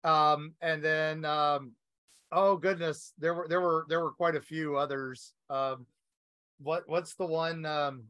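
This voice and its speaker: A man's voice: fairly high pitch, fairly even intonation, slow, pushed and bright, clean tone, dry recording. Rambling man, very dry sound. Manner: rambling storyteller, many ums and you-knows. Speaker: podcast co-host. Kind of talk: casual chat.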